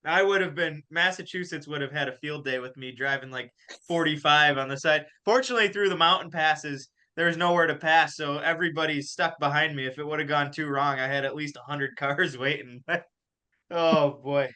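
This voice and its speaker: A young man hosting a hockey podcast, telling a story in a casual, animated way and laughing as he goes. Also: fairly high pitch, a little fast. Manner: animated, laughs through his stories. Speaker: podcast host and college golf coach.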